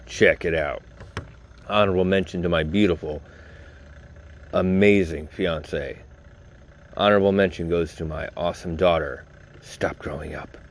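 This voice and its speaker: A man hosting a podcast, telling a personal story in a casual, rambling, informal way and addressing his listeners directly. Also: low voice. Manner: rambling, informal, swears, talks straight to listeners. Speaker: podcast host.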